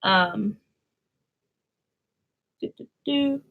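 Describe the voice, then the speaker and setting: A woman's voice: mid-range voice, lively intonation, extremely slow, vocal fry, phone-quality sound. A woman from California co-hosting a casual YouTube chat, talking in a loose, chatty way with fillers and laughs. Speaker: YouTube co-host.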